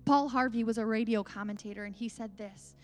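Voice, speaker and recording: A woman's voice: a little high, fairly even intonation, a little fast, soft background music. A woman giving a devotional sermon talk, earnest and emphatic, mixing preaching with casual asides.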